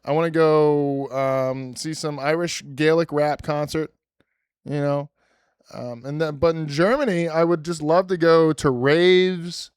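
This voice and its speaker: A man's voice: a little high, fairly even intonation, a little slow, clean tone, no echo, studio quality. A young man hosting a podcast, chatting casually and rambling with lots of restarts. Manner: rambling, self-deprecating, with many restarts. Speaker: podcast host. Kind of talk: casual chat.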